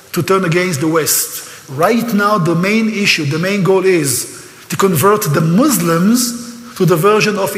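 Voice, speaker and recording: A man's voice: sits high, a bit bright. An older man with an Israeli accent giving a live seminar lecture, emphatic and sarcastic, at times openly emotional. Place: lecture hall. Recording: echoey hall.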